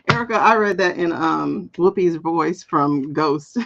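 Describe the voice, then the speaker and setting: A woman in her forties hosts a casual tarot livestream, chatty and playful, reading viewers' comments aloud and laughing often. Her lowish voice is creaky and slow, with lively intonation, and the recording sounds muffled.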